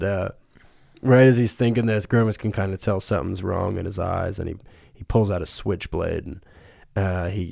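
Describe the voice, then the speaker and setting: A low, gravelly man spinning a crude improvised comedy bit and giggling through it. His voice is dry and close, with no room behind it. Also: a little mellow, dry recording. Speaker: podcast co-host.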